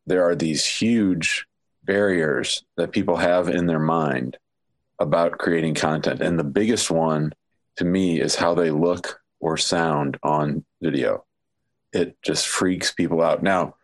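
Deep nasal man with a lisp. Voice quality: slight lisp, whistly S sounds. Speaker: podcast co-host. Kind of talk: casual podcast chat.

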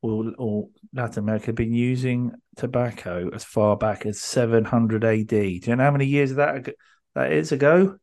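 A man's voice: mid-range voice, steady tone, moderate pace, darkish tone. A man hosting a podcast, telling a story in a rambling way with many ums and restarts. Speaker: podcast host. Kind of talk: casual podcast chat.

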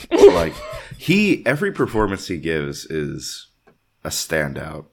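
A man co-hosting a podcast, dropping wry, deadpan quips in casual chat. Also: very deep voice, takes it slowly, gravelly, breathy edge. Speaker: podcast co-host.

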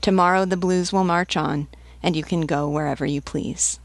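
A woman's voice: lowish voice, steady tone, moderate pace, vocal fry, no echo. A woman voicing a shabby, white-haired old male beggar who speaks plainly and steadily. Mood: urging.

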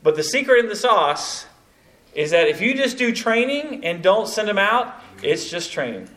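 A high-voiced man speaking at normal speed runs a church evangelism training for a live group in a meeting room. He tells stories animatedly, sprinkling in lots of asides such as "you know, kind of thing."

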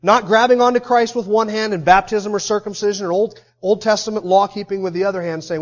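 Pastor, male, high voice, emphatic sermon delivery, slightly dull lo-fi recording. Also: a little fast. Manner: emphatic preaching with repeated lists.

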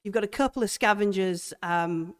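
A young woman narrating a tabletop horror game as game master, hesitant with many pauses and restarts. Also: mid-range voice.

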